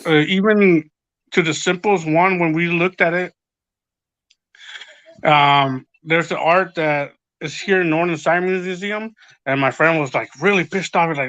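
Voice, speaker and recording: Casual podcast guest, male, bright higher voice, profane storyteller, dry lo-fi sound. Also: measured pace, no room sound. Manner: rambling, profane, retells quotes. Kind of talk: casual chat.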